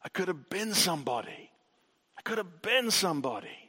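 Brief: preacher voicing a bitter washed-up boxer, a man's fairly high voice, understated quoting, reverberant room. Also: sing-song, normal speed, breathy edge, heavily acted. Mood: regretful. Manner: quiet, rueful quoting without accent. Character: down-and-out male boxer, bitter and regretful. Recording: reverberant hall.

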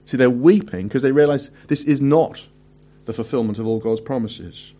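A man preaching a sermon, reading scripture aloud and breaking off for chatty asides and quick self-corrections. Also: mid-range voice, warm tone, muffled recording.

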